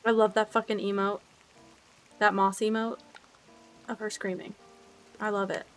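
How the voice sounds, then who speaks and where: A woman's voice: mid-range voice, little pitch movement, moderate pace, soft background music, rough recording. A young woman streaming a game, chatting casually, sometimes swearing and cooing baby talk at her pets. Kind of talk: casual chat while playing a game.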